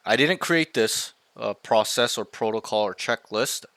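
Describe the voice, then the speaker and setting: A young man with a crisp, bright voice coaches a student over voice chat. He rambles, restarts and stresses key words, dropping casual swears. The sound is close and dry, with no room around it. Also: lowish voice, measured pace, no room sound. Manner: rambling, emphatic, swears casually, acts out callouts.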